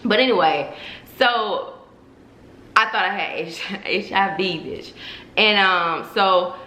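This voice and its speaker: Young woman YouTuber, frank profane chat to camera, bright tone, roomy echo. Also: mid-range voice, slow. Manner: candid, profane, addresses viewers as y'all. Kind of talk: casual vlog confession to viewers. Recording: echoey room.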